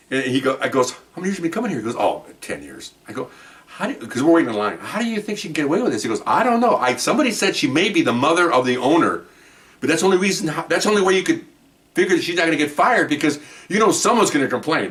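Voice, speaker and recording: A man hosting a podcast, telling a story in a casual, rambling, animated way and laughing as he goes. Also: medium pitch, distant mic. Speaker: podcast host telling cop stories.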